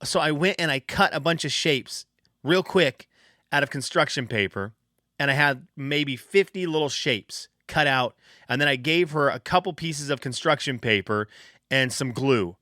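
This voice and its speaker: Bright, lively dad podcaster. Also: male voice, mid-range voice, normal speed, dry recording, studio quality. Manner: animated storytelling, acts out quotes of his kids. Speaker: podcast host. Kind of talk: casual solo podcast chat.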